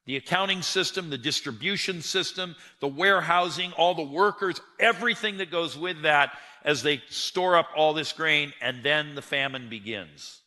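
A man's voice: fairly high pitch, normal speed, hardly any pauses, bright, forceful tone. A man preaching a sermon, telling the story with animation and acting out the quotes. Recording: long hall reverb.

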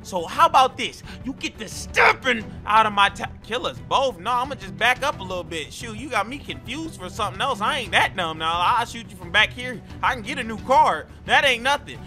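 A man giving excitable, slangy role-play game commentary who often breaks into shouts. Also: very high-pitched, normal speed, over music. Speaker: gaming YouTuber.

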